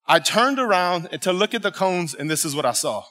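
A man preaching from the pulpit, his voice pitched high for a man and ringing bright. He tells his story with animated emphasis, checking in with the congregation as he goes, in a church sanctuary. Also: fast. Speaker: pastor. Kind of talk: storytelling sermon.

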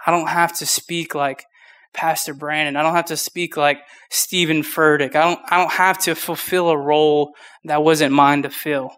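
A man's voice: a little high, fairly even intonation, moderate pace, fairly bright tone, clear, resonant tone. A young man in his twenties preaching a casual youth sermon, short of breath, with many restarts and fillers. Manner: informal, rambling, many restarts. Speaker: youth pastor.

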